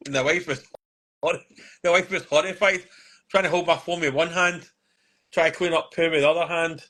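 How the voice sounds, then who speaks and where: A man's voice: a little high, fairly even intonation, fairly quick, fairly bright tone. A man with a Scottish accent, co-hosting a casual podcast chat and telling jokey, sweary stories. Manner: jokey storytelling, swears freely.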